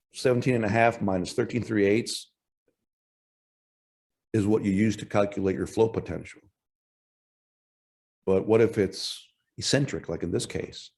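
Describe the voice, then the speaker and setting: A man with a fairly low, slightly mellow voice gives a technical talk at an industry workshop, speaking haltingly and frequently restarting or correcting himself.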